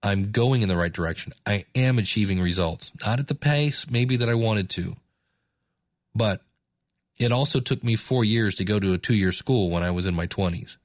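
A man's voice: on the low side, moderate pace, no echo, clean studio sound. A man hosting his own podcast, talking casually and candidly, self-deprecating and rambling with restarts. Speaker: podcast host. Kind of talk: casual solo podcast talk.

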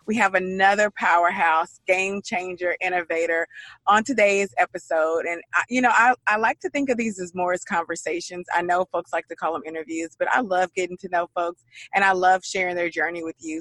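A woman's voice: on the low side, normal speed, fairly bright tone, no echo. A woman from Texas with a Texan accent, hosting a podcast interview in a bubbly, laughing manner. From Dallas, Texas. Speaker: podcast host.

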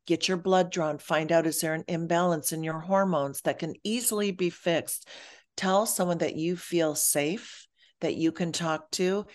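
Woman w a really low voice, earnest, reassuring, podcast guest. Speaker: guest, perinatal mood expert. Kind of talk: podcast interview.

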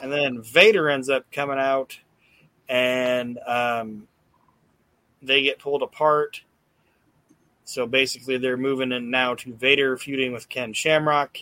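A man hosting a podcast, retelling events in an animated, casual way and acting out quotes, swearing freely. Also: medium pitch, a little slow, pauses often, no room sound. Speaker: podcast host recapping wrestling. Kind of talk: casual chat.

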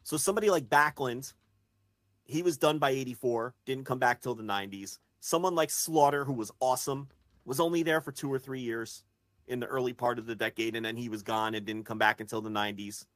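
A man co-hosting a podcast in casual chat, talking excitedly, swearing freely and building an argument point by point. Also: mid-range voice, fairly quick, no room sound. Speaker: podcast co-host.

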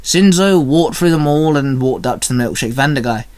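A man's voice: mid-range voice, animated, moderate pace, darkish tone. A man reading a fan story aloud in a casual way, with small slips and restarts.

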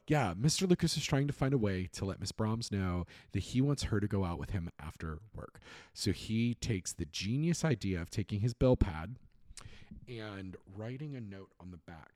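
A man's voice: on the low side, a little mellow, dry recording, studio quality. A man hosting a podcast, recapping a sitcom episode in a rambling, amused way, with many fillers and asides. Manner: enthusiastic, amused storytelling. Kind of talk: casual chat.

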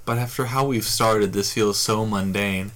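A man's voice: fairly low pitch, normal speed, poor audio. A man co-hosting a podcast, telling stories and acting out the lines of people in them. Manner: animated storyteller, acts out quotes. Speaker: podcast co-host. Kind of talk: casual chat.

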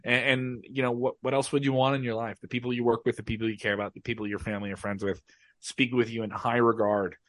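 A man's voice: medium pitch, little pitch movement, fast talker, fairly bright tone, no echo. A man talking passionately and emphatically as a guest in casual podcast chat.

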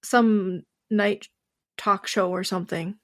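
A woman's voice: medium pitch, fairly even intonation, slow pace, a bit bright, no echo, clean studio sound. A young woman co-hosting a podcast in casual chat, talking freely, laughing often and swearing now and then. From Wisconsin. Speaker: podcast co-host.

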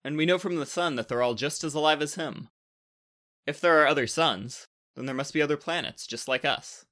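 A man's voice: a little high, a little fast, a bit bright, pitched above the performer's own voice, close to an everyday voice. A man voicing the planet Venus as an argumentative know-it-all in a storybook reading. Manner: argumentative, snappy.

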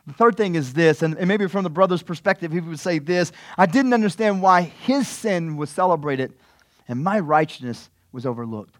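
High-voiced animated male preacher. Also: moderate pace, dry recording, clean studio sound. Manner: animated storytelling, voice swings from hushed to loud. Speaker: pastor. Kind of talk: sermon.

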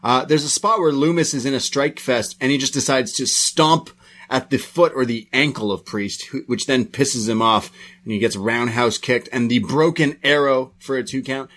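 Guy recapping wrestling matches, rambly, keeps restarting lines, mid pitch. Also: moderate pace, fairly bright tone. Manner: rambling play-by-play with frequent restarts. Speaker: podcast co-host reviewing wrestling. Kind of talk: casual recap chat.

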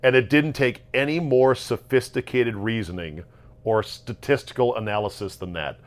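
A man hosting a solo sports talk show, ranting sarcastically about football results and jumping between loud outbursts and low muttering. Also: moderate pace. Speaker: sports podcast host. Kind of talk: casual solo sports commentary.

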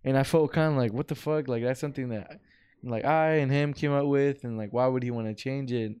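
A young man on a podcast, speaking at an ordinary mid pitch in a smooth, clean voice. He tells his side candidly and casually, with plenty of swearing and "like". The tone stays conversational throughout. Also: fairly even intonation, a little fast, a little mellow. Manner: candid storytelling, profane, fillers. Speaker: podcast co-host. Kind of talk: casual chat.

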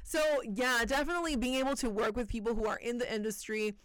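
A young woman with a Spanish accent, a student news anchor, appears as a guest in a casual interview chat. Her voice sits on the high side and moves quickly with no room sound, and she's lively and chatty, animatedly quoting herself.

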